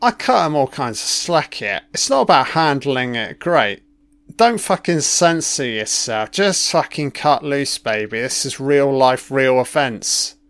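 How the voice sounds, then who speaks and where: A man's voice: mid-range voice, lively intonation, a little slow, a bit bright. A man giving casual reaction commentary over an old broadcast, blunt and heavy on swearing, thinking aloud as he goes.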